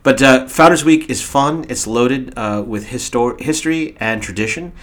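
A man's voice: medium pitch, normal speed, a bit bright. Give me a male American talk radio host, jokey and hammy, who stumbles into restarts as he banters with his guests. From United States. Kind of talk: playful talk radio hosting.

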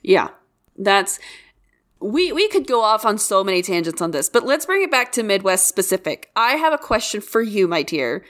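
A woman's voice: mid-range voice, big pitch swings, moderate pace, a bit bright. Earnest woman co-host giving advice. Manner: earnest, advice-giving, moves the talk along. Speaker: podcast co-host. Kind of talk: casual chat.

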